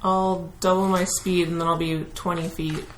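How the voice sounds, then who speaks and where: A woman's voice: on the low side, little pitch movement, moderate pace. A woman playing a tabletop game, chatting and thinking aloud about her moves. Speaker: player. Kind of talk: casual tabletop play. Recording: echoey room, faint noise.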